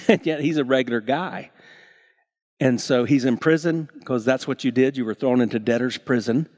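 A male pastor preaching a sermon, telling stories and acting out the characters with big swings in pitch and volume, often restarting his words. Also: normal speed, a little mellow. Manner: stammering restarts.

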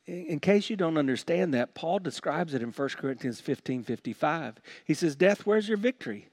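High-voiced preaching pastor, dry sound. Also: male voice, moderate pace, dry recording. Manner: preaching with big swings from quiet to shouted. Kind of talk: sermon.

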